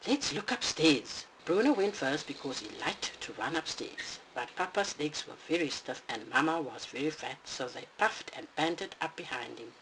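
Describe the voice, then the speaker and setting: Bedtime storybook narrator, lively expressive pitch, faint hiss behind. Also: moderate pace, hardly any pauses, rough recording.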